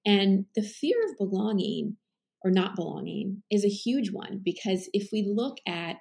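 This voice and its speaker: A woman coach talks through her ideas on a podcast in a conversational interview. Her voice has a noticeable vocal fry, and she explains earnestly, with frequent fillers and restarts. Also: medium pitch, darkish tone. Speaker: life coach, podcast guest.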